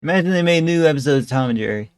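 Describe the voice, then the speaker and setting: A man's voice: on the high side, lively intonation, rapid-fire. Rambling young man reacting on stream. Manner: rambling, slangy, hesitant. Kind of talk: casual reaction commentary.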